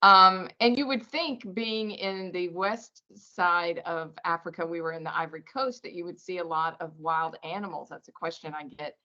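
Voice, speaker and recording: Hesitant woman with a bright, low voice. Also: normal speed, hardly any pauses. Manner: hesitant, with fillers and restarts. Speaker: workshop participant. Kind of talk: practice speech in a workshop. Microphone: video call. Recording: dull lo-fi video call audio.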